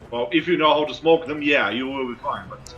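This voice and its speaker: Give me a hoarse man in casual voice chat, mid-pitched and unhurried. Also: a bit bright, highs cut off, faint music behind. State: hoarse, voice almost gone. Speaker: voice chat guest.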